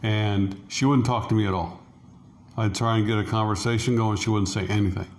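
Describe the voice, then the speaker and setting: A man's voice: on the low side, fairly even intonation, brisk. A middle-aged man casually telling a rambling personal story, full of fillers and acted-out quotes. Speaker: interview guest, expat.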